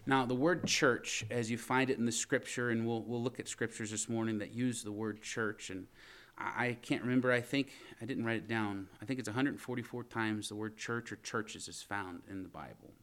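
A man's voice: mid-range voice, steady tone, normal speed, fairly bright tone. A man preaching a conversational sermon to his church congregation, often asking them questions as he reads scripture. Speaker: pastor. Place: church sanctuary.

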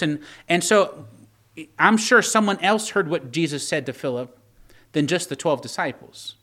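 A man preaching a sermon in a loose, talky manner, often stumbling over repeated words. His voice sits slightly high. He moves between plain storytelling and reading old scripture aloud. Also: fairly bright tone.

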